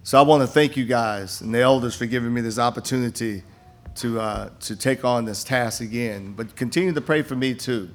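A man's voice: mid-range voice, brisk. An older man, a campus minister speaking to a church congregation and telling folksy stories with many restarts. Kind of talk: church appeal and testimony. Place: church sanctuary.

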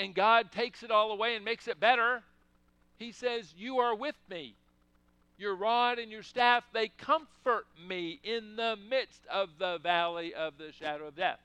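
A man's voice: high-pitched, pushed and bright, clean tone, dry recording. A man preaching a sermon in a conversational way, asking the congregation questions and breaking into emphatic bursts. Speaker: pastor.

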